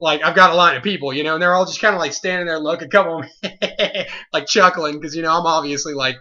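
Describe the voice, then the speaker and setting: Animated, rambling man ranting. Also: on the high side, fast talker, muffled recording. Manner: animated and rambling, with lots of "like" and "you know". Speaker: convenience store clerk. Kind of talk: storytelling rant vlog.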